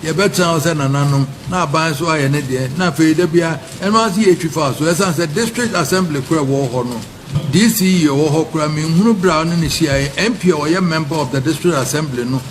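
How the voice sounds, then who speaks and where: Man, somewhat high voice, earnest public appeal, halting restarts, loud background ambience. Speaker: speaker addressing chiefs at a public forum. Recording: noisy ambience behind the voice.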